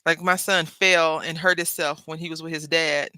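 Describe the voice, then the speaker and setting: A woman hosting a crafting video, chatting and telling stories while she works, acting out quoted lines with big jumps in pitch and dropping to soft murmurs when she concentrates. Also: steady tone, normal speed, no room sound. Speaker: crafting channel host. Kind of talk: casual chat while crafting.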